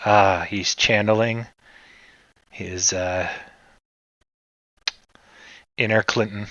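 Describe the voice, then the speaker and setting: A man from Canada hosting a casual livestream, rambling in a relaxed way and answering his chat. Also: on the low side, extremely slow, no room sound, highs cut off. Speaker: livestream host.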